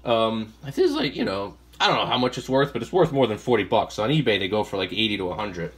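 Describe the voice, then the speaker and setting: In his laid-back comic haul vlog, this collector speaks quickly in a lowish voice with big pitch swings. He rambles through stories, packing them with fillers and reenacting what he said to people.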